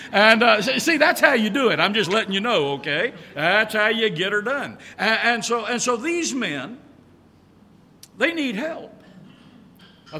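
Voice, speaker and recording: A male pastor delivers a sermon with a high, bright voice that swings widely in pitch. He speaks slowly and in a folksy way, repeating phrases and drawing out key words. The sound carries a long reverb from the church hall. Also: slight background noise.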